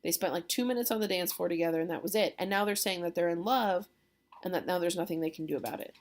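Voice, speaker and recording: A woman's voice: fairly low pitch, fast. A young adult woman teacher explaining a play in a casual, chatty lesson, often checking in with "okay?".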